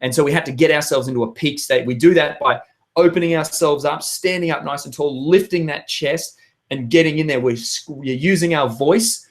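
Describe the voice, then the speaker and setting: A hoarse young man giving an energetic motivational talk to his viewers, with emphatic outbursts. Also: on the high side. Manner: energetic, emphatic, bursts into loud shouts. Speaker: vlogger.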